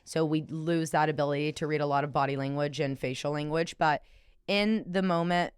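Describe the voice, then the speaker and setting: Chatty young woman, low voice. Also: a little fast, clear, resonant tone, dry recording, clean studio sound. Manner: animated storytelling, swears casually. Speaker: podcast co-host. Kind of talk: casual chat.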